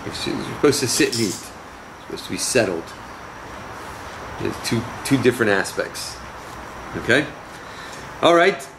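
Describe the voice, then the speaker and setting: A man teaching a scripture lesson as a rabbi, talking with his class in a lively, conversational way. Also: medium pitch, moderate pace, gravelly, long pauses, noisy background. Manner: lively, conversational, laughs with students.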